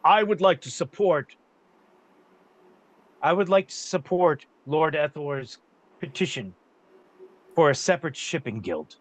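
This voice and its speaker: Earnest priest voiced by a man, formal, a touch louder and higher. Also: animated, a little slow, long pauses, no echo. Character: earnest male priest on a council.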